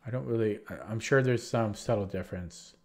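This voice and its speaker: A man with a sore throat who feels sick recaps his chess games casually on a livestream. He rambles and restarts sentences while retelling what happened, speaking a little fast in a lowish voice.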